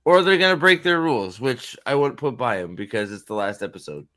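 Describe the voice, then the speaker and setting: A man's voice: mid-range voice, expressive, fairly quick, fairly bright tone. A man hosting a casual reaction commentary, rambling, profane and sarcastic, with frequent restarts. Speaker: host.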